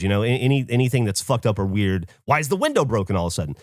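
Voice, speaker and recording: A man's voice: medium pitch, fast talker, hardly any pauses, clean tone, no echo, studio quality. A man co-hosting a podcast who tells a story in a casual, profane rant and acts out other people's lines. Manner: animated, profane ranting. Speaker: podcast co-host.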